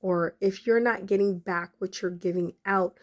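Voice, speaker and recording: A woman's voice: medium pitch, steady tone, normal speed. Podcast host, woman in her forties, emotional, on the verge of tears, speaks straight to her listeners. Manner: emotional, near tears, fighting back crying; conversational, addresses listeners directly. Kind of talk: emotional personal talk to followers.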